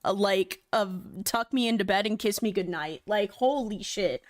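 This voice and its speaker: A woman's voice: medium pitch, moderate pace. A young woman live-streaming, chatting loosely with her viewers, rambling and swearing casually into a desk mic.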